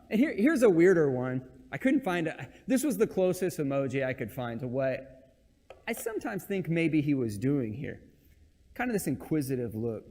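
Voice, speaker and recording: A man's voice: high-pitched, sing-song, moderate pace, warm tone, big-room sound. A man preaching a conversational sermon in a church, talking in a casual, joking, self-deprecating way. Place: church sanctuary.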